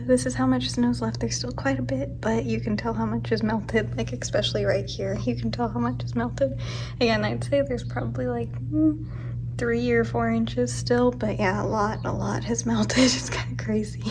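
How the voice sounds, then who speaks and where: A young woman vlogging casually at home, chatty and rambling with lots of fillers and small laughs. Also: a little high. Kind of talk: casual vlog chat. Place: home, indoors.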